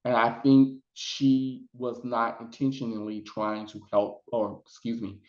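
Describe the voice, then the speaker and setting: A man's voice: medium pitch, fairly even intonation, measured pace, darkish tone. A man chatting casually in a video review, retelling scenes with lots of fillers. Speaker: psychic vlogger reviewing a documentary. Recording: roomy, dull lo-fi sound.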